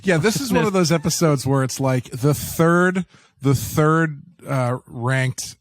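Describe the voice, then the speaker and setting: A man's voice: a little high, measured pace, dry recording, studio quality. A man co-hosting a podcast in a rambling, casual review chat, swearing now and then. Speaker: podcast co-host.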